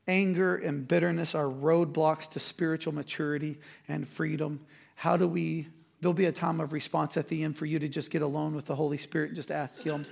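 A man, a pastor preaching a sermon and telling a self-deprecating story with animated energy. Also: fairly high pitch, vocal fry.

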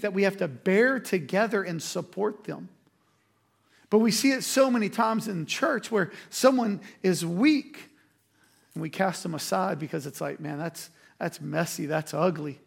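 A man's voice: high voice, lively intonation, moderate pace, creaky. A man preaching a sermon as a pastor, in a conversational, emphatic way with quoted asides.

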